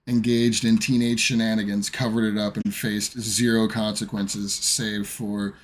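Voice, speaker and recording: A man's voice: fairly low pitch, level tone, unhurried. An American man, a streamer, telling a profane, rambling personal story in a casual way. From United States.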